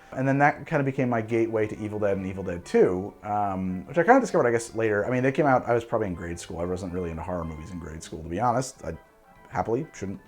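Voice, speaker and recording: A man in his forties hosting a cocktail show, talking casually to camera in an animated, digressive and jokey way. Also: on the low side.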